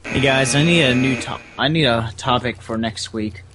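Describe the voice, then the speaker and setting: A man's voice: mid-range voice, normal speed, loud music behind the voice. A man co-hosting a game stream, bantering casually in a laid-back, joking way.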